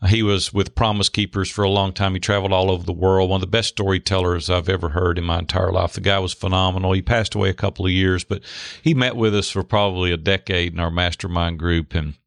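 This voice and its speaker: A middle-aged man telling a personal story in an interview, lively, acting out the voices of the people in it. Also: low-pitched, quick pace, vocal fry, no room sound, clean studio sound. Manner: animated, acts out quoted voices. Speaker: guest. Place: Hendersonville near Nashville.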